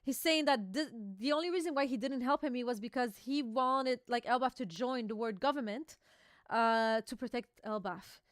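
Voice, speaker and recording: A woman's voice: on the high side, normal speed, no room sound, studio quality. A woman chatting casually as she reacts to a manga chapter, full of filler words and casual swearing, reading lines aloud and then explaining them. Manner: reads panel dialogue aloud, then explains it. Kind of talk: casual live reaction commentary.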